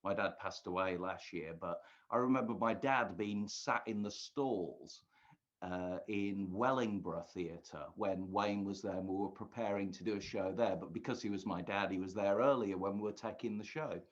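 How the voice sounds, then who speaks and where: A man's voice: low-pitched, normal speed. A man earnestly recalling his touring days in a casual chat. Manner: earnest, reflective storytelling. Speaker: guest magician recalling touring. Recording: dull lo-fi sound.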